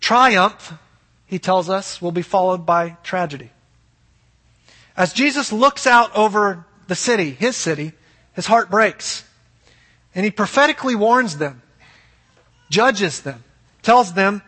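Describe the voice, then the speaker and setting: A pastor preaches earnestly and emphatically in a high, bright, slightly husky voice with lively intonation. He speaks slowly with long pauses, and each phrase trails off in the long reverb of a large hall.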